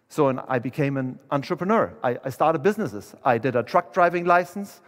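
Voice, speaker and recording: A man's voice: medium pitch, lively intonation, fairly quick, few pauses. A young adult man, a motivational speaker, telling a personal story to employees in a candid, chatty way and acting out what people said. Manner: candid, chatty, acts out dialogue. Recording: long reverb of a large hall.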